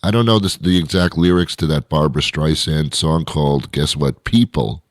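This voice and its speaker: A man hosting a radio show with a comic, rambling, self-mocking monologue, his voice hoarse and stuffy from a cold. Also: rumbling low, normal speed, no echo. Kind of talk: comedic monologue.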